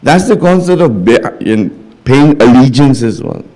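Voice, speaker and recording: A man's voice: expressive, a little slow, dark tone. A man giving a religious sermon in a mosque hall, retelling stories with quoted dialogue and rising to impassioned pleading. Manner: rises to impassioned, high-pitched pleading near the end. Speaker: religious speaker. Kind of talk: majlis sermon.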